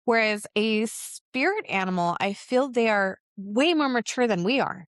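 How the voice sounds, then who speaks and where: A woman co-hosting a casual spiritual podcast, telling stories in an animated way and acting out the quotes. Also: a little high, a little slow, no echo, studio quality. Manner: animated storyteller, acts out quotes, laughs often. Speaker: podcast co-host.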